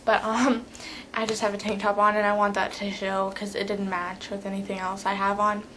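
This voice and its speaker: A woman's voice: medium pitch, flat delivery, normal speed, fairly bright tone, a little hiss or hum, rough recording. A teenage girl giving a rambling, chatty vlog tutorial, full of fillers. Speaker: vlogger.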